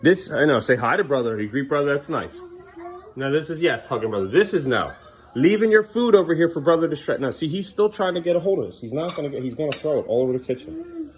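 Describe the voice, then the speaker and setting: A man's voice: fairly high pitch, sing-song, fast. A man filming a casual home vlog, coaxing his kids along and talking to the camera. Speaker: parent vlogger. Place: family home kitchen.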